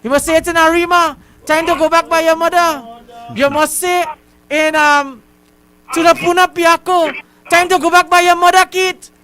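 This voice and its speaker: A woman's voice: extremely high pitch, steady tone, moderate pace, fairly bright tone. A woman with a Trinidad and Tobago accent, calling in to a talk radio show and making rallying points with rhetorical repetition. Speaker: radio caller.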